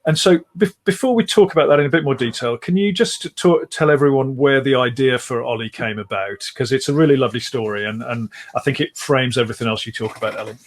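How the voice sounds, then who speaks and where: A man's voice: medium pitch, quick pace, few pauses. Hesitant man hosting an interview. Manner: hesitant, restarts phrases, frequent affirmations. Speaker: host. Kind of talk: interview host.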